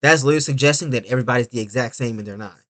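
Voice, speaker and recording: Animated man ranting in a reaction video. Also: very fast. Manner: animated, swings from loud outbursts to low mutters. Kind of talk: casual reaction commentary.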